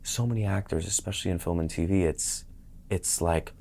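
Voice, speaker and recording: A man in his thirties sits in for a casual podcast chat, telling stories with energy and slipping into quick impressions of the people in them. His voice sits a little low, and he drops to a murmur when he imitates someone. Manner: animated storytelling, mimics other people's voices. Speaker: actor guest.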